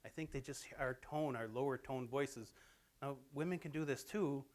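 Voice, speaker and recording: A man's voice: medium pitch, moderate pace. Plainspoken middle-aged man giving a talk. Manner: plainspoken, anecdotal, conversational. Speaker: presenter at a campus talk. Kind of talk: informal lecture to students. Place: college theatre, in front of an audience.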